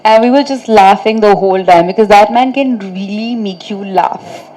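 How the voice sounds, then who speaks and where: A woman's voice: mid-range voice, moderate pace, mellow, rough recording. A woman, an actress answering reporters' questions at a press meet in a chatty, storytelling way, often laughing through funny anecdotes. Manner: chatty, storytelling, frequent "like" and "you know".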